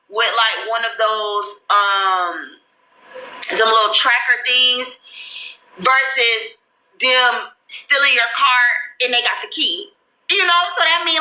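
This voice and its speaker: A woman telling a story in an animated, profane way, acting out each quote with big swings in pitch. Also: reverberant, poor audio. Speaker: storyteller in a played clip.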